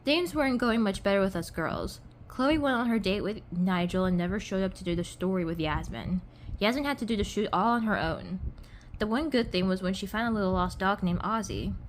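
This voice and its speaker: A woman's voice: medium pitch, fairly quick, a little hiss or hum. A young woman reading a children's storybook aloud in a casual way, with slips and restarts. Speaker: doll collector reading a storybook.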